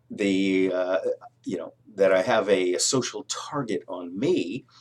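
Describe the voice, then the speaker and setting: Husky-voiced man ranting heatedly. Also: lowish voice, darkish tone. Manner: heated, frequent fillers and restarts. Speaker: political vlogger. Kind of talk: rambling political rant to camera.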